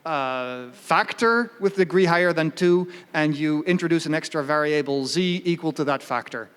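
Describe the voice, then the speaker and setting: A man's voice: a little high, moderate pace, a bit bright, clear, resonant tone. A man answering audience questions at a conference, hesitant and repeating words as he thinks. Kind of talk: live Q&A answers. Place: conference hall. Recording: long hall reverb.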